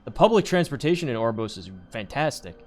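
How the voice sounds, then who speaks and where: A man's voice: medium pitch, sing-song, quick pace. A man streaming a game, chatting casually and joking about what he sees. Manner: playful, joking, reacts to the game. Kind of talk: casual gameplay commentary.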